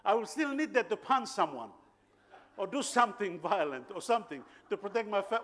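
A man from Papua New Guinea preaching a sermon, telling stories with loud bursts of emphasis and frequent laughter. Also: sits high, very animated, a little fast. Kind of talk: sermon storytelling.

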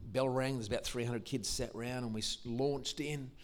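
A man's voice: medium pitch, steady tone, normal speed. An older man with an Australian accent, giving an enthusiastic storytelling testimony in church. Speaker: Christian musician and speaker. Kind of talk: testimony sermon.

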